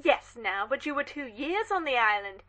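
Lady doing a sharp bossy old noblewoman, high and bright, grilling everyone. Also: sing-song, normal speed. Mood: imperious. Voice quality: commanding, cross-examining. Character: imperious elderly aristocratic lady, sharp-tongued. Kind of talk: amateur audio drama reading.

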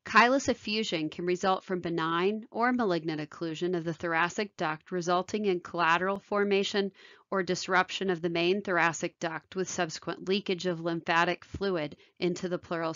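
A lower-pitched woman surgeon narrates a medical lecture in a measured, technical tone. Her voice is close and dry, with a dull, lo-fi sound. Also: fairly bright tone, dry recording. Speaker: thoracic surgeon.

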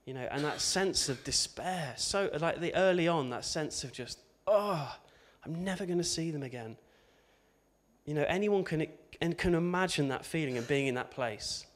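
A man's voice: on the high side, normal speed, hardly any pauses. A man preaching an informal sermon, conversational and chatty, with asides and tag questions.

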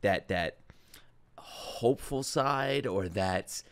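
A young man hosting an anime reaction, excitable and crude, swearing a lot and bursting into shouts. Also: lowish voice, extremely slow, smooth. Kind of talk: live reaction commentary.

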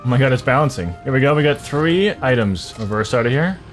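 A man giving casual, excitable gameplay commentary, swearing a lot and breaking into loud frustrated outbursts. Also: mid-range voice, fast talker, faint music behind. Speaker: gaming video creator.

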